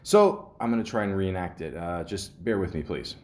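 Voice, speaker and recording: A man's voice: low-pitched, animated, normal speed, a little mellow. A Canadian man hosting a podcast, telling stories in a rambling, casual monologue with many ums and restarts. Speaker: podcast host.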